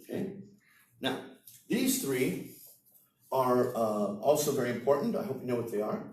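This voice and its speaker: A man teaching English at a seminar, lecturing slowly and demonstrating example sentences aloud. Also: mid-range voice, very animated, darkish tone, slight background noise. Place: seminar room. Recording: roomy echo, heard from far off.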